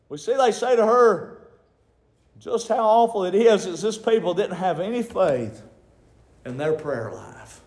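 A preacher delivers an impassioned sermon in a very high voice, often rising to shouts. He sounds as though he is in an echoey room. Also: expressive, unhurried.

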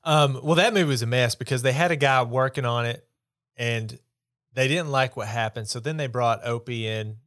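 Podcast host, man, middle-pitched, rambling and blunt in his takes. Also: moderate pace, a bit bright. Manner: opinionated, rambling, dismissive. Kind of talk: casual chat.

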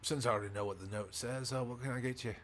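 A man's voice: medium pitch, fairly even intonation, very fast, a bit bright, a little hiss or hum, lightly acted. A man doing a chatty halfling barkeep. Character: small male halfling bartender, friendly.

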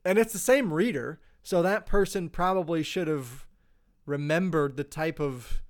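A man's voice: fairly high pitch, a little slow. A man co-hosting a podcast, chatting casually and rambling with fillers about movies and books. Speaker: podcast co-host. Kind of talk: casual chat.

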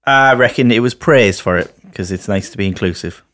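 A man's voice: lowish voice, brisk, a bit bright, a little hiss or hum. A man co-hosting a casual podcast, answering trivia with laid-back, dry jokes. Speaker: podcast co-host. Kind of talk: casual chat.

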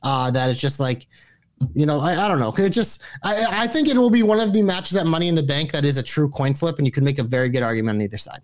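A man co-hosting a casual podcast chat, joking around and chiming in with shouted bits. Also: a little high, fast talker. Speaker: podcast co-host.

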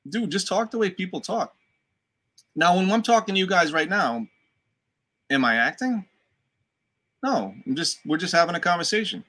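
A man with a softened Boston accent, an actor guest telling animated stories in a casual chat and swearing freely. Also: sits high, moderate pace, pauses often. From Dorchester, Boston.

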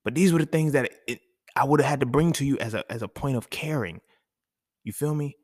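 A man's voice: medium pitch, brisk, breathy edge, dry recording, clean studio sound. A man talking casually and emphatically, with profanity and speech, hosting a solo podcast. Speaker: podcast host.

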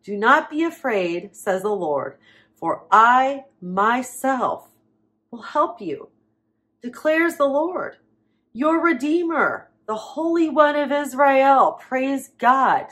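Woman preaching slow, reading bible verses, kinda high voice, leans hard on the words. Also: expressive, a bit bright. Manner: slow, emphatic reading with dramatic pauses.

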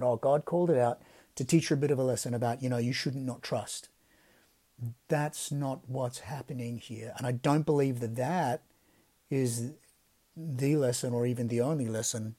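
A man hosting a devotional podcast, speaking in a gentle, reflective way that often drops to soft, quiet phrasing. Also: medium pitch. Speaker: podcast host.

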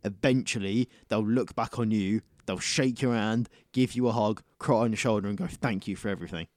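A man's voice: on the low side, steady tone, normal speed, darkish tone, no echo, clean studio sound. A young man co-hosting a casual podcast chat, talking bluntly and swearing freely, with emphatic repetition. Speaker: podcast co-host.

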